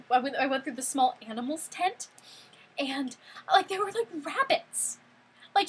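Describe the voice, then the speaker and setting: An eighteen-year-old woman telling a story in a casual vlog, excitable and gushing, saying "like" constantly. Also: very high voice. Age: 18, college student. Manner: excitable, gushing, heavy use of "like". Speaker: vlogger.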